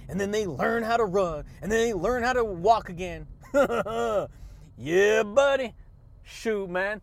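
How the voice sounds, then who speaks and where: A man hosting a motivational podcast, talking excitably in a preachy, repetitive pep-talk manner and laughing often between catchphrases. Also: high-pitched. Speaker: podcast host.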